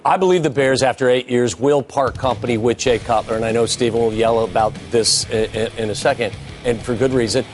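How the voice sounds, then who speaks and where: Measured man making his case. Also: medium pitch, faint music behind. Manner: measured, explains with analogies. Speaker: NFL analyst guest. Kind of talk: sports debate show.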